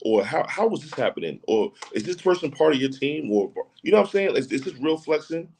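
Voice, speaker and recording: A man's voice: on the high side, sing-song, a little fast, gravelly, a little mellow, husky, rough recording. A man talking as a podcast guest in casual chat, emphatic and repetitive, often asking if you get what he's saying. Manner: emphatic, repeats phrases, often asks "you know what I'm saying".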